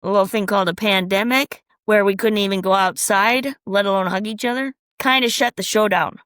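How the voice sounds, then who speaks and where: A woman from Minnesota, a transformation coach, telling lively stories in an interview and acting out what people said. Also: mid-range voice, a little fast, clean tone, no echo, studio quality. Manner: animated storyteller acting out quoted voices. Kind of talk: storytelling interview answers.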